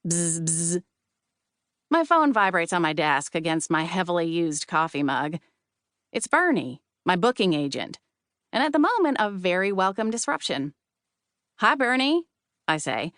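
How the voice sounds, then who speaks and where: A woman giving a wry, lively first-person audiobook narration with comic timing, recorded close in a studio. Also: lowish voice, no room sound.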